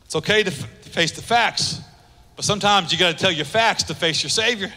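A man preaching a sermon with passion, building from quiet asides to shouted calls. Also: high voice, brisk. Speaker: pastor. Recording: long hall reverb.

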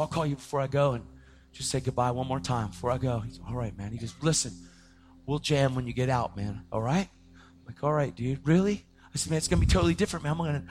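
A young adult man telling a personal testimony in a casual way, often saying "man", his voice rising to shouts at the most intense moments. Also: medium pitch. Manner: casual, says "man" and "dude" a lot. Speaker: speaker sharing his testimony.

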